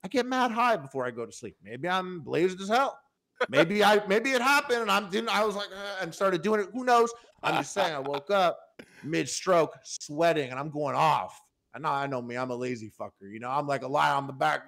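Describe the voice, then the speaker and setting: A young man in his twenties tells a story to friends on a podcast. His voice sits a little high, and he rambles, restarting sentences and filling gaps with "like" and "you know.". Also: animated, normal speed, vocal fry, a bit bright. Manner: rambling, lots of fillers and restarts. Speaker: podcast host. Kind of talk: casual storytelling.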